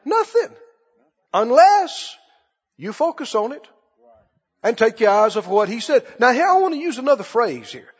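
A man's voice: very high voice, sing-song, normal speed, long pauses, slightly rough. A man preaching a sermon, emphatic and repetitive, calling on the congregation to answer back. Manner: emphatic, repeats phrases, calls for congregation response. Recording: dull lo-fi with long hall reverb.

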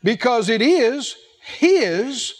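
A man delivers a sermon in a high, swooping voice. He takes his time, stretching out key words and throwing questions to his listeners, sometimes acting out small dialogues. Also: sing-song. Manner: emphatic, drawn-out phrasing with questions to the audience; plays out little acted dialogues. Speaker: preacher. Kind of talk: sermon to a responding congregation.

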